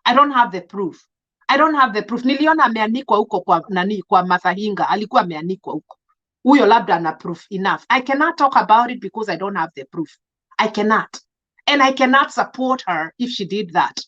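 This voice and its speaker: Expressive, fairly quick and fairly bright in tone, a mid-range female voice comes through with lo-fi sound. The speaker, a Kenyan vlogger in roughly her thirties, scolds indignantly in an emotional monologue, repeating herself and moving back and forth between English and Swahili.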